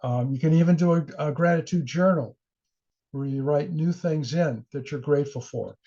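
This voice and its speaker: A middle-aged man with a slightly high, husky voice presents a recorded training webinar, earnest and encouraging, and he sometimes acts out the inner voices he quotes. His tone is soft and dark rather than bright. The recording sounds dull and lo-fi. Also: normal speed.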